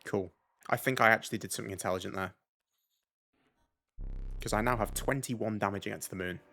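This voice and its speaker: A man's voice: on the low side, brisk, creaky, sharp tone, faint music behind. A man giving casual gameplay commentary as a let's play host, muttering his moves to himself, upbeat, with the odd swear.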